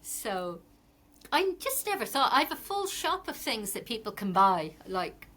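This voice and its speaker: A woman's voice: on the high side, big pitch swings, normal speed, sharp tone. Chatty Irish woman telling stories. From Ireland. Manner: rambling, chatty storytelling with frequent ums. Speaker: guest, fashion designer. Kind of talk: casual interview chat.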